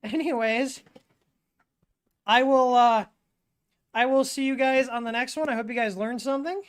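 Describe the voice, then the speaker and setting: A woman hosting a casual live Q&A stream, talking in a relaxed, rambling way with many fillers and restarts. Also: on the high side, moderate pace, clean tone. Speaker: livestream host answering 3D printer questions.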